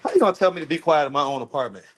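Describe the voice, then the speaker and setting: A man's voice: fairly high pitch, lively intonation, very fast, noisy background. A man chatting casually with viewers on a phone livestream, indoors in his apartment. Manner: chatty, addresses viewers directly, easygoing.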